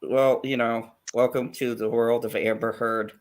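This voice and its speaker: A man's voice: medium pitch, flat delivery, measured pace. A man hosting a casual late-night podcast chat, laid-back and laughing often. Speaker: podcast host.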